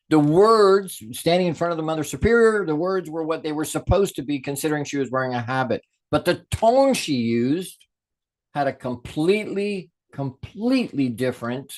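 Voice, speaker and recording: A middle-aged man giving an animated talk on communication, stressing words and restarting as he thinks aloud. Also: fairly high pitch. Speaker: speaker on a podcast.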